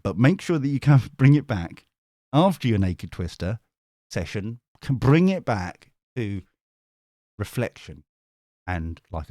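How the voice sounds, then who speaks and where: A man's voice: lowish voice, darkish tone, no room sound, clean studio sound. Rambling British man reading tarot. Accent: British English. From Britain. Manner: rambling, chatty, swears casually, gets sidetracked. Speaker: tarot reader. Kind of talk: live-streamed tarot reading and chat.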